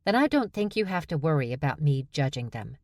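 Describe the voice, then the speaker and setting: A woman reading an audiobook, voicing a blunt, sharp-tongued young woman who sounds exasperated and matter-of-fact. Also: sits low, sing-song, brisk, dry recording, studio quality.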